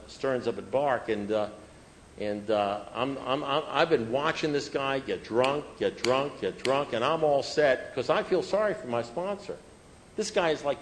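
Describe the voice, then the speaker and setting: A man's voice: medium pitch, a little hiss or hum, low-quality recording. Self-mocking man telling a story. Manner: humorous, self-mocking and conversational; repeats phrases for rhythm and emphasis. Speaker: speaker sharing his recovery story. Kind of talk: personal storytelling talk to an audience.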